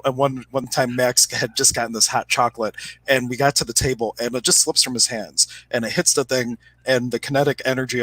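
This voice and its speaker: A man's voice: mid-range voice, fairly bright tone. A middle-aged man co-hosting a casual chat, telling stories and laughing often as he acts out what people said. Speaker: podcast co-host.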